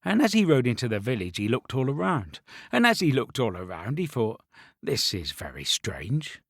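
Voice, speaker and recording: A man's voice: mid-range voice, big pitch swings, a little fast, vocal fry, no echo, clean studio sound. A man telling a children's folk tale, playfully talking straight to his young listeners. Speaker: storyteller. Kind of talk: children's storytelling.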